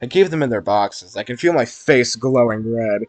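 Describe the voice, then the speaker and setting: A man reading the inner monologue of an anxious, self-conscious teenage schoolgirl in a visual novel, in a nervous, rushed way. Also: medium pitch, animated, no echo, lightly acted.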